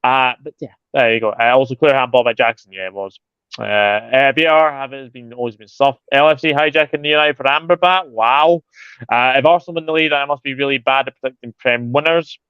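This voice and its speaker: A man's voice: mid-range voice, fairly quick, clear, resonant tone, no room sound, dull audio. A man hosting a football livestream, chatting casually and greeting viewers by name. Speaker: football channel host reading live chat.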